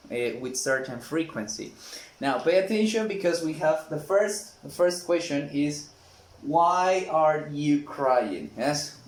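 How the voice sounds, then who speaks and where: A man teaching an English grammar lesson, patiently repeating the example sentences slowly. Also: fairly high pitch. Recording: echoey room.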